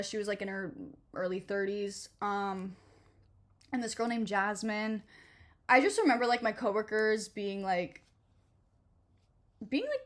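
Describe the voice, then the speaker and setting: A young woman telling a storytime vlog in a casual, profane, sarcastic rant, full of "like" and "um". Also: mid-range voice. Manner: profane, animated and sarcastic, lots of fillers like "like" and "um". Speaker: vlogger.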